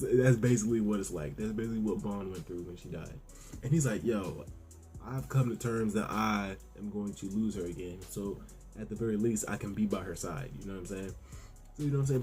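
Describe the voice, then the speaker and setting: A young man giving a casual, excitable manga review, slangy and profane, acting out the characters' lines as he retells the chapter. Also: fairly low pitch. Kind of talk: casual reaction commentary.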